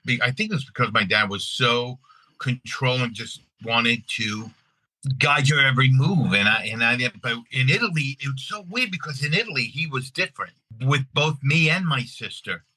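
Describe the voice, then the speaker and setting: Bright-voiced animated man from Long Island. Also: medium pitch, moderate pace, no room sound, rough recording. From Long Island, New York. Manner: animated, restarts often, acts out quoted voices. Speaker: guest. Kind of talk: casual storytelling.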